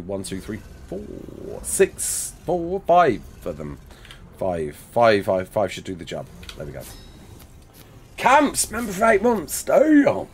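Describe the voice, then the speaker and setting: A chatty male streamer who laughs easily and reads chat aloud while playing. His pitch swings freely from low mutters to high bursts. A faint hum of noise sits under his voice. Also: darkish tone, poor audio. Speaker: game streamer.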